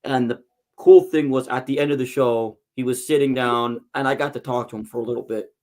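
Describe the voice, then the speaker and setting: A man's voice: mid-range voice, a little fast, a little mellow. A man on a casual podcast, telling long fan stories with lots of restarts and false starts. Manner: rambling storyteller with many restarts. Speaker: guest, wrestling promotion figure.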